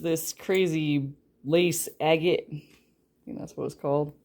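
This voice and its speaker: A woman's voice: low voice, steady tone, a little slow, a little mellow. A woman giving a casual tarot reading, chatty and rambling, with a light Southern drawl that slips in. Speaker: tarot reader.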